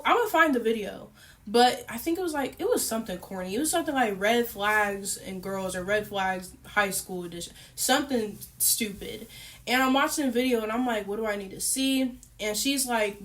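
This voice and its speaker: Chatty young woman telling a story. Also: fairly high pitch. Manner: chatty, animated, filler-heavy. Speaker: storytime YouTuber. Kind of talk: casual storytime.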